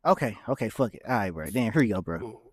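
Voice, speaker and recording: A man co-hosting a podcast in loose, laughing banter, reading song lyrics aloud flatly. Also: on the low side, fast talker, no room sound. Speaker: podcast co-host. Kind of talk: casual chat.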